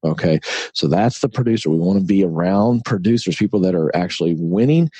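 A man's voice: low voice, lively intonation, a little fast, warm tone, husky, no room sound. A middle-aged man, an author and broadcaster, speaking earnestly in an interview and telling stories with emphatic repetition. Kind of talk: conversational interview.

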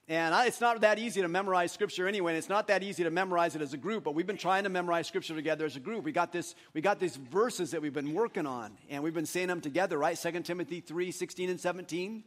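High-voiced man preaching a sermon. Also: quick pace, few pauses, a bit bright. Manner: conversational, leads the congregation in group recitation. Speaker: pastor. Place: church sanctuary.

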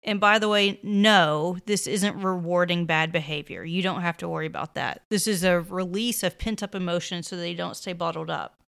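A woman's voice: fairly low pitch, normal speed, gravelly, few pauses, a bit bright, smooth. A woman in her thirties hosting a parenting podcast, giving casual, reassuring advice with lots of "you know" and "like". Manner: conversational, reassuring, many fillers like "you know" and "like".

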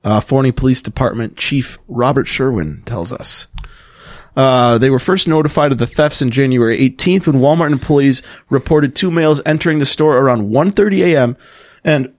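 Young male co-host, mid-range voice, dry close sound, deadpan news reading with wry asides. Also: medium pitch, normal speed, no room sound. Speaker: podcast co-host. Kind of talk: casual comedic chat, reading news aloud.

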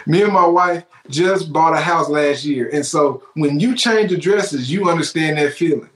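A man's voice: a little high, normal speed, roomy sound. A man preaching a sermon, fervent and exclaiming, repeating his phrases for emphasis.

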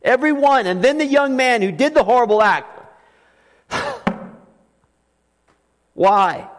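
A man preaching a sermon as pastor, swinging between loud emphatic lines and soft hushed ones. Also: very high voice, lively intonation, a little fast. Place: church sanctuary. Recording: long reverb of a church hall.

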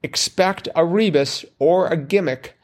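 A man co-hosting a podcast in casual chat, relaxed and wordy, with fillers and dry wordplay jokes. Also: a little high, unhurried. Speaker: podcast co-host. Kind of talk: casual chat about crosswords.

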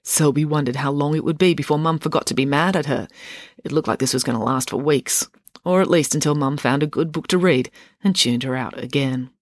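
A woman author narrating a chapter of her own book in a wry, steady storytelling manner. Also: low-pitched, brisk, dry recording, studio quality. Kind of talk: audiobook narration.

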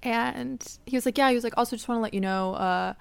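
A young woman hosting a casual chat, telling an animated story full of quoted dialogue and frequent laughter. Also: on the high side, fast, creaky, smooth.

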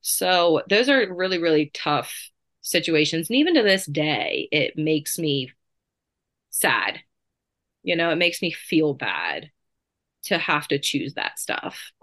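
A woman in her thirties telling her story as an interview guest, chatty and quick, with many fillers. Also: low voice, very animated, fairly bright tone. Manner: chatty, fast bursts, lots of fillers.

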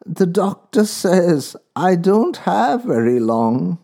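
A man's voice: high voice, sing-song, gravelly, voice pushed up, exaggerated voice. A man putting on a frail old woman's voice. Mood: frail, gentle. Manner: slow, soft and quavering. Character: frail, gentle elderly woman in her nineties. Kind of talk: storytelling.

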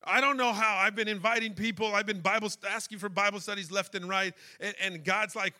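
A man preaching a sermon, emotional and personal, building to shouted fervor. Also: high voice, steady tone, fast talker, few pauses.

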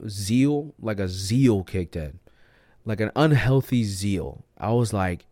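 Young male podcast host, low-pitched, dry close sound, slangy, shifts from hushed to fired up. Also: takes it slowly, no room sound. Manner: slangy and emphatic, says "bro" and "like" a lot; swings from hushed to loud and excited. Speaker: podcast host sharing his testimony. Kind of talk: casual personal testimony.

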